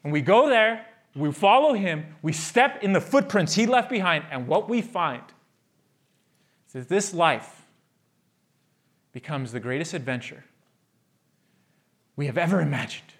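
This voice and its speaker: Male pastor, sermon, slightly raised pitch, animated storytelling into hushed prayer. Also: measured pace, pauses often.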